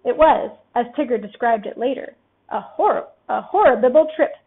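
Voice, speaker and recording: A woman narrating a children's storybook with a lively, expressive reading, on tinny phone-like audio. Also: a little high, moderate pace. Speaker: storybook reader.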